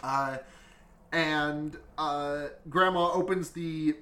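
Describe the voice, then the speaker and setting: A man's voice: a little high, drawn-out words, reverberant. A male podcast host recapping a movie in a casual, profane, giggly way. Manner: profane, giggly, animated retelling.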